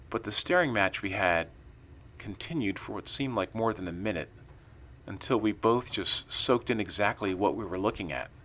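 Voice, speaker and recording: A man narrating a first-person story in a calm, storytelling manner, acting out the quoted lines. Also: on the low side. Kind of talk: scripted narration of a witness story.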